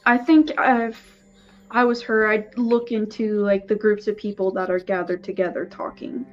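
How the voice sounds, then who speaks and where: A woman's voice: mid-range voice, fairly even intonation, moderate pace, lo-fi sound, soft background music. A woman chatting casually as a player in a tabletop game, with frequent fillers.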